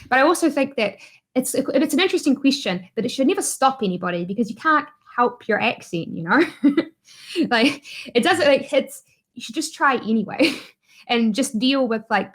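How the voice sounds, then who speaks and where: A woman with a New Zealand accent, a guest YouTuber chatting casually in an interview, laughing often and using lots of fillers. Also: on the high side.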